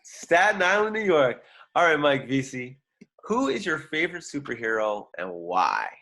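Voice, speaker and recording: A man hosting an interview, firing off quick quiz questions in a brisk, upbeat way. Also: on the high side, sing-song, sharp tone. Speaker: interview host. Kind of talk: rapid-fire quiz questions.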